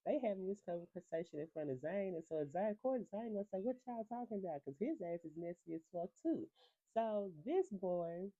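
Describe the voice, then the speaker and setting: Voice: mid-range voice, animated, moderate pace, warm tone, no echo, lo-fi sound. A reality TV recapper in a casual, gossipy talk, profane and sassy and laughing often.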